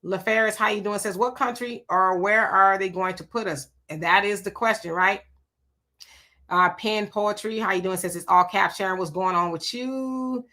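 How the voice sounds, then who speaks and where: A woman's voice: mid-range voice, normal speed, sharp tone. A woman hosting a live stream, greeting viewers by name and reacting to their comments in a casual, conversational way. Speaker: livestream host reading viewer comments.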